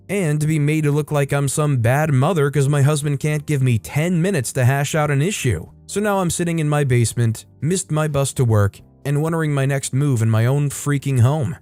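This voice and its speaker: Man, mid-pitched voice, casual storytelling read, faint music underneath. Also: a little mellow, no echo. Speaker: host and reader of online stories. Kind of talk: reading stories aloud with commentary.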